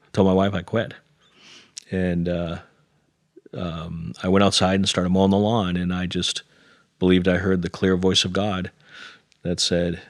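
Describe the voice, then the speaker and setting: Here a middle-aged interview guest relates a personal story in conversation, earnest and self-mocking, acting out the lines. His low voice keeps a level tone at a measured pace, with frequent pauses. The sound is studio quality with no echo.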